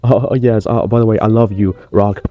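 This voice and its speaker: A man voicing an excitable male fan reporter with a British accent. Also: fairly low pitch, fairly quick, muffled recording, natural voice. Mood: excited.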